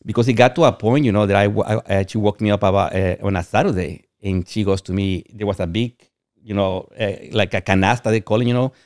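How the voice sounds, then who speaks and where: A man's voice: lowish voice, fast talker, a little mellow, clear, resonant tone, dry recording, studio quality. A man from Guatemala, a podcast guest telling personal stories in a rambling way and often saying "you know what I mean". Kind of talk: candid personal storytelling.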